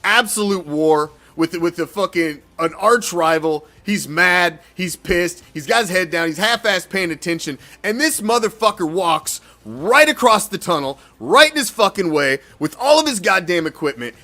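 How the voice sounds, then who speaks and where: With few pauses and at normal speed, a man with a high, bright, forceful voice and lively intonation rants on his sports fan show. He swears heatedly and sounds exasperated, giving a profane fan reaction as podcast host.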